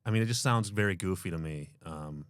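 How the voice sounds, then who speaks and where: An American man hosting a podcast in casual chat, with wry, deadpan humor. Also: deep voice, brisk, clear, resonant tone, no echo, studio quality. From United States. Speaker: podcast host.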